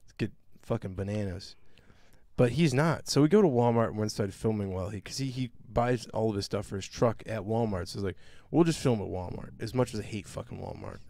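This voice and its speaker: A man co-hosting a podcast, telling a long story in a casual, profane, animated way and mimicking other people's voices. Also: fairly low pitch, fast talker, hardly any pauses, no room sound. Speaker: podcast co-host.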